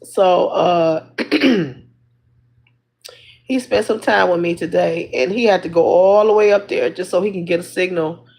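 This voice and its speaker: A woman's voice: on the low side, measured pace, vocal fry, long pauses, a little mellow, husky, poor audio. Rambling chatty woman livestreaming. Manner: rambling, chatty, laughs often. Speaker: livestream host. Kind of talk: casual chat to viewers.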